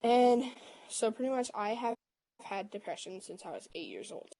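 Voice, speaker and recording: A woman on a livestream telling a story in a casual way, quickly quoting both sides of a text argument. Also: on the high side, expressive, warm tone, low-quality recording. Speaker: livestream host.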